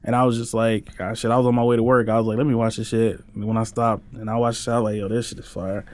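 Chill 30s dude rambling and cussing, laughs a bunch, dry mic. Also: male voice, on the low side, little pitch movement, fast talker, no echo. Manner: laid-back, rambling, laughs a lot, cursing. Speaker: podcast co-host. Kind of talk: casual chat.

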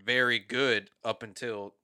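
Bright-voiced man rambling in casual chat. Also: mid-range voice, steady tone, measured pace, clear, resonant tone. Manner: rambling, profane, many restarts.

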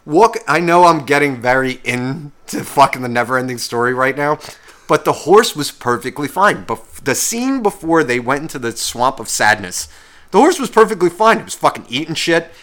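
A man's voice: fairly high pitch, animated, moderate pace, a bit bright. A young man co-hosting a podcast, telling a long story in a heated, swearing casual rant. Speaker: podcast co-host.

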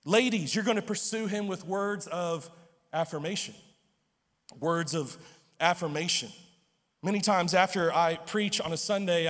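A man's voice: on the high side, fairly bright tone, in a large hall. A man preaching a sermon as pastor, stammering through restarts and joking asides.

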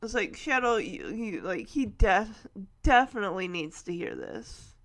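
A woman retelling a film in an emotional, halting way, full of restarts. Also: mid-range voice, big pitch swings, a bit bright.

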